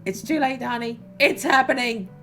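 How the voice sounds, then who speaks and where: Woman doing a soft-hearted middle-aged dad. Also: fairly high pitch, moderate pace, pitched above the performer's own voice. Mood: tender. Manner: sentimental, gently joking. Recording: music playing behind.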